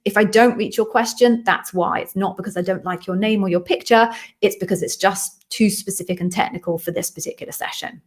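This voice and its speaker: A woman from the UK hosting a live Q&A stream from her home office, chatty and quick with self-amused asides. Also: medium pitch, fairly even intonation. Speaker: host and interview coach. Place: echoey home office being redecorated.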